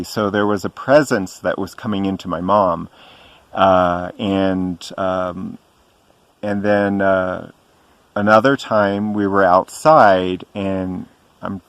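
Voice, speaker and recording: A middle-aged man telling a personal story to camera in a gentle, reverent way, pausing often with ums. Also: low-pitched, dry recording. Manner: slow and hesitant, frequent ums and pauses. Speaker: spiritual vlogger.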